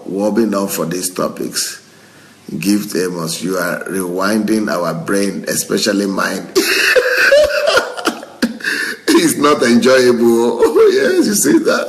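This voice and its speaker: A middle-aged Nigerian pastor with a low, creaky voice reads viewer comments aloud during a livestream. He laughs a lot and often bursts into excited exclamations.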